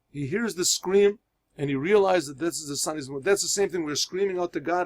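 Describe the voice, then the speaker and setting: A man, a rabbi teaching a religious class, who reads Hebrew phrases aloud and explains each one in English, telling parables with pauses and restarts. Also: high-pitched. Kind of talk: religious lesson.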